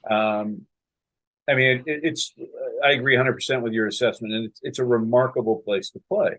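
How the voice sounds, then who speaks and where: A man's voice: medium pitch, poor audio. Chatty man from the United States hosting a podcast. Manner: chatty, full of fillers and "right?" tags. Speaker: podcast host. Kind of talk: casual interview chat.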